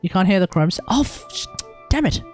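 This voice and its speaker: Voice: mid-range voice, very animated, fairly quick, darkish tone, soft background music. A young adult with an Australian accent, chatting casually on a game live stream, rambling, swearing freely and restarting sentences.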